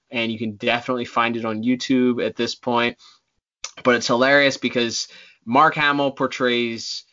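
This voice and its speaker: A man's voice: mid-range voice, fairly bright tone, highs cut off. A man co-hosting a podcast in casual chat, enthusiastic. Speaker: podcast co-host.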